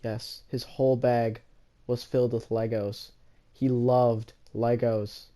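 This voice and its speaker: A man casually telling a story from his school days, rambling, with many restarts, often in a soft, low-key voice. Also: flat delivery, slow pace.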